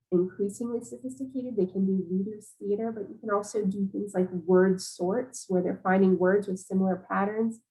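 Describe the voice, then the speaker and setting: A woman giving a teacher training session in a relaxed, conversational way, with frequent "um"s and "you know"s. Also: medium pitch, gravelly, low-quality recording. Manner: casual, conversational, many fillers. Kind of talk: professional development webinar talk.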